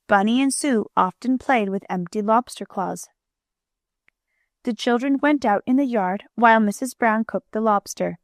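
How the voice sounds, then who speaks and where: A woman reading a children's storybook aloud as an audiobook narrator, in a gentle, clear manner, lightly voicing the characters. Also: on the high side, normal speed, no echo, studio quality.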